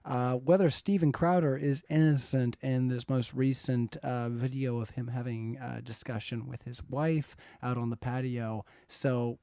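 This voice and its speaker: A man's voice: medium pitch, fairly even intonation, unhurried, few pauses, mellow, smooth, no echo, studio quality. A man hosting a live-stream debate, reading viewer messages aloud and laughing often. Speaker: debate moderator reading donations. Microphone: close to the mic.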